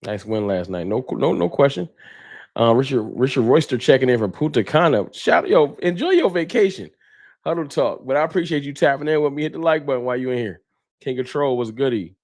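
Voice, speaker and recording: A man's voice: medium pitch, animated, a little fast, darkish tone. Laid-back man greeting livestream viewers. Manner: laid-back, slangy, reads out viewer names. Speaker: host of a fan livestream.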